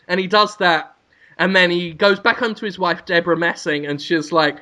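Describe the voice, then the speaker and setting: A man on a podcast, rambling through an absurd story he makes up as he goes. His voice sits high and sounds bright and lively. He giggles often and slips into goofy put-on voices. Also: fairly quick. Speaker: podcast panelist.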